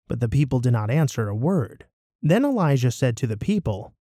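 A man narrating a scripture passage in a measured, expressive way, his pitch moving widely across phrases. His tone is mellow and soft-edged. The recording is dry and close, with no room sound. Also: no echo. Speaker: scripture reader.

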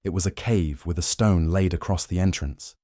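A man narrating scripture in a steady, measured way. His voice is very deep and mellow. It is recorded dry and close, with no room sound. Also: no room sound. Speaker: scripture reader.

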